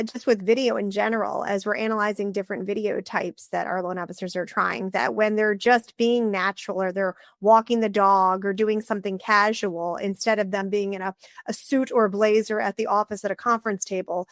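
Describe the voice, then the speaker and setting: A woman's voice: mid-range voice, no room sound, studio quality. A woman co-hosting a podcast, making points in a thoughtful, conversational way. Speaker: podcast co-host. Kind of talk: casual conversational interview.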